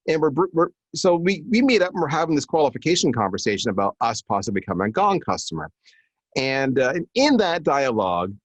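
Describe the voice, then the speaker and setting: Animated middle-aged man telling stories. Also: mid-range voice, dry recording. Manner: animated storyteller who acts out quotes. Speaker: guest, marketing executive. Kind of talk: conversational storytelling on a live podcast.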